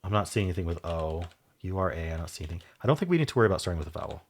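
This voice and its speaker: A man hosting a word-puzzle video, thinking aloud as he solves it, spelling out letters and trailing off softly, with keyboard typing behind him. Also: low-pitched, animated, rapid-fire. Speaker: Wordle video host.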